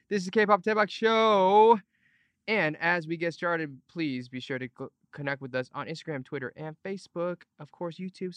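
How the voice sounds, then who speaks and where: A man hosting a podcast in casual chat, playful and rambling, drifting in and out of put-on accents, with loud bursts of enthusiasm. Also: medium pitch, dry recording, clean studio sound. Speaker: podcast host.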